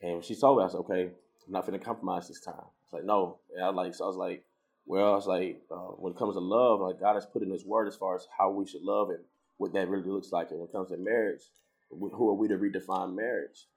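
A low-voiced man talks quickly as he shares a personal faith story in a casual way. He gets animated when quoting people, acting out their voices as he tells it.

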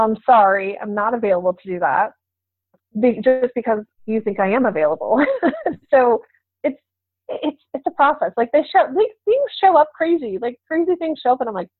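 A woman's voice: medium pitch, no echo. A woman guest on a podcast interview, speaking in a chatty way with frequent laughs and restarts. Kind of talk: casual interview chat. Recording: tinny phone-like line.

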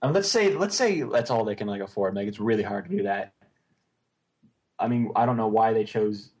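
A man's voice: on the low side, brisk, darkish tone, breathy edge. A man co-hosting a casual movie chat, rambling and enthusiastic, full of fillers and restarts. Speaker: podcast co-host.

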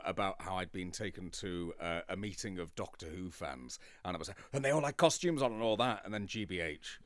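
A man with a fairly low voice talks about films and television in a relaxed conversation. He gets enthusiastic but stumbles and restarts his sentences often. The sound is dry and close to the mic. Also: dry recording. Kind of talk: casual film chat.

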